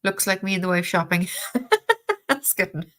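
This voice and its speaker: Chatty Cork Irish woman streaming, lowish, bright voice, quick laugh, casual swearing. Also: little pitch movement, soft background music. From Ireland. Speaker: tarot deck reviewer reading live chat. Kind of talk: casual live-stream chat.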